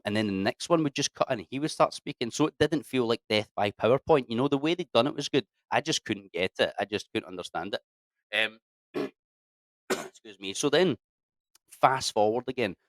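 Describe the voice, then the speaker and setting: Recorded dry, this veteran in his thirties has a fairly low, slightly bright voice as he tells his army story in a casual interview. His manner is blunt and full of swearing, with frequent throat-clearing and people called mate and lads.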